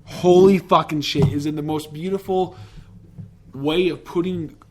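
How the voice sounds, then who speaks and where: A man's voice: fairly high pitch, steady tone, measured pace, a little hiss or hum. A man hosting a podcast in a casual, rambling and profane way, with enthusiastic tangents. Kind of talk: casual chat.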